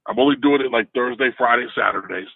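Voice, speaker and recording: A man co-hosting a podcast, telling a story in an animated, casual way. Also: fast, vocal fry, husky, no echo. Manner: animated, jumps into higher pitch when telling a story. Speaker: podcast co-host. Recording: tinny phone-like dry sound.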